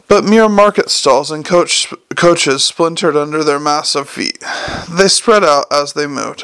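A man's voice: a little high, gravelly, fairly bright tone, smooth. A man reading a novel aloud as narrator, unpolished, with slips and restarts.

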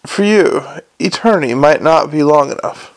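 A man doing a glib, smooth-talking con man. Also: on the high side, lively intonation, moderate pace. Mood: persuasive. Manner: glib and self-assured.

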